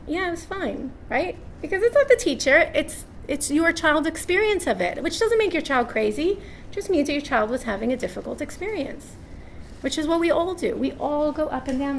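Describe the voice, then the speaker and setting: A woman's voice: high-pitched, gravelly, a little hiss or hum. A woman speaking at a live parenting seminar, telling anecdotes with acted-out voices and often checking in with "right?". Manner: animated storyteller, acts out voices, asks "right?" often. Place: seminar room before an audience.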